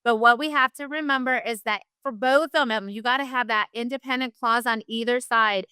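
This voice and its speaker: A high, bright woman teaching online with a lilt. Her voice is clear and smooth, recorded dry and close. She keeps an upbeat, encouraging tone throughout. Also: fairly quick, dry recording. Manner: upbeat, encouraging, uses "y'all". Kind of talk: virtual class lesson.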